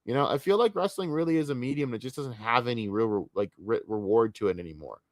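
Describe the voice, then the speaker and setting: A man from the United States ranting on a casual livestream, tired and frustrated, swearing freely and restarting his sentences. His voice sits in an ordinary middle pitch, close and dry on a desk mic with no room sound. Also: lively intonation, quick pace, dry recording. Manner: frustrated, profane, rambling with repeated restarts. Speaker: streamer.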